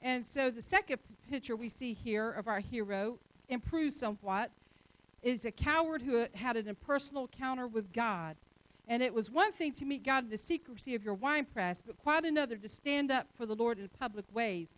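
Woman preacher, high voice, emphatic and chatty sermon style. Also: lively intonation, moderate pace. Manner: emphatic, conversational preaching with acted quotes.

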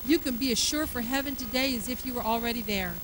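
A middle-aged woman pastor preaching a sermon, acting out everyday lines with animated energy, then turning to a hushed altar call. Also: fairly high pitch, fast, noisy background. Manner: soft, hushed invitation at the close.

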